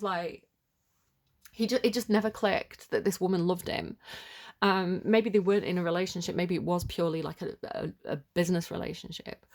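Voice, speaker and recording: Chatty woman thinking aloud through a tarot reading. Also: medium pitch. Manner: rambling and chatty, full of "like" and "kinda"; tentative, thinks aloud while interpreting. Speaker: tarot reader. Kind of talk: unscripted collective tarot reading.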